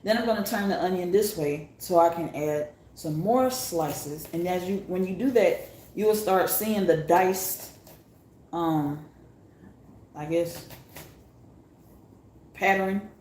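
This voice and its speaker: Slow-talking woman vlogging her cooking. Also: lowish voice, slight background noise. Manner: chatty, laughing, exclaiming while chopping. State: teary-eyed from onion fumes. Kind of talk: casual cooking demonstration. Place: home kitchen. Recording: echoey kitchen with loud clatter of dishes. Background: dishes, pots and pans clattering.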